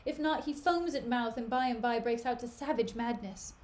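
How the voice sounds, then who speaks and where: Scheming smooth-talking villain guy read by a woman, fairly high voice, plain read-aloud. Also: moderate pace, a little mellow, lightly acted. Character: scheming male villain, smooth false friend.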